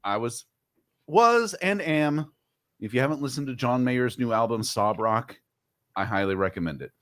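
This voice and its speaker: A man's voice: medium pitch, animated, moderate pace, a bit bright. A man chatting casually on a livestream, dropping wry, teasing asides.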